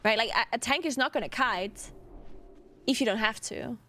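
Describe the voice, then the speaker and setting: A woman streamer talks through her views in a relaxed, casual way. Her voice sits a little high, and she hedges often, tossing in "like" and "right?" as she thinks out loud. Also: normal speed. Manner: thinking aloud, hedging, many "like" and "right?".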